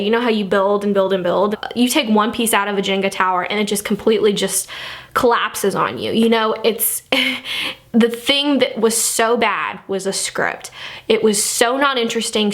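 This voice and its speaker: A young woman giving a rambling, exasperated movie review in a casual vlog, full of fillers. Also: medium pitch.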